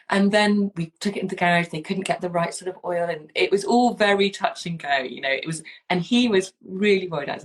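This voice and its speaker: A woman in her forties chats casually as a podcast host. Her voice sits fairly low, and she rambles through her story with restarts and asides. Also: brisk, few pauses, low-quality recording. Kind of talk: casual chat.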